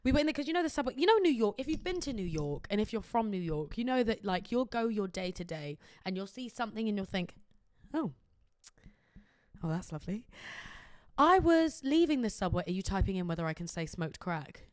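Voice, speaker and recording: A woman hosting her own podcast, chatting casually and telling animated stories with lots of laughter. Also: mid-range voice, fast talker, hardly any pauses, no room sound, studio quality. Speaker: podcast host. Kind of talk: casual chat.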